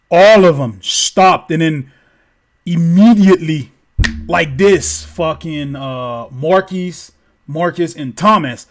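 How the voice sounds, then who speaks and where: A man's voice: on the high side, slow. A man telling a story casually, rambling with lots of "like" and swearing freely.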